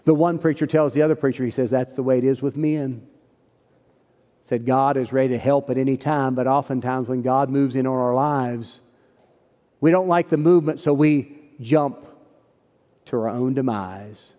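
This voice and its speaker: A man's voice: medium pitch, moderate pace, dark tone. A man preaching a sermon as pastor, telling a story in earnest, folksy phrasing. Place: church sanctuary. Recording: long church hall reverb.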